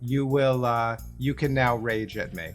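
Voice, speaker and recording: A man's voice: mid-range voice, faint music behind. A middle-aged man hosting a casual chat over a video call, rambling with many restarts. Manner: rambling, halting, full of restarts. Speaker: host.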